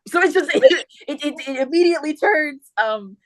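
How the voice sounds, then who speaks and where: A young adult woman hosting a podcast, chatting in a lively way, laughing often and acting out the book's characters in quick voices. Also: high voice, no room sound. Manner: animated retelling with many voices, laughing often. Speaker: podcast host. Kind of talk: casual chat.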